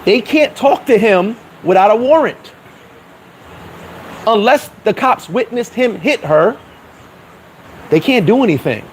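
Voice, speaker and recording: High-voiced, blunt New man. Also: lively intonation, a little slow, pauses often, slight background noise, poor audio. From New York. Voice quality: blunt, profane, streetwise. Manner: acts out dialogue in quoted voices. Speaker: vlogger. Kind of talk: casual advice monologue.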